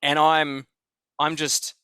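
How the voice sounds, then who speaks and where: An Australian man telling a story as a podcast guest, excited and swearing freely, often restarting his sentences. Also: a little high, slow pace, clear, resonant tone, no room sound. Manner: excited, profane, repeats himself. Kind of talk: conversational storytelling.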